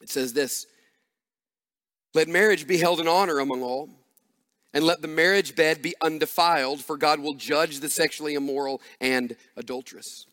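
A man's voice: fairly high pitch, moderate pace, fairly bright tone, in a large hall. A man preaching a sermon as pastor, earnest and repeating phrases for emphasis.

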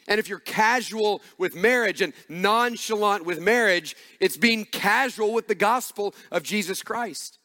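A man's voice: high voice, normal speed, hardly any pauses, bright, forceful tone, in a large hall. A man preaching a sermon as pastor, earnest and repeating phrases for emphasis.

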